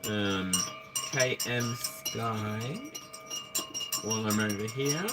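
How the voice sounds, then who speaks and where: A tarot reader with an Australian accent hosting a casual live energy reading. The talk is relaxed and chatty, and speaks straight to the viewer. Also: medium pitch, drawn-out words, long pauses, over loud music.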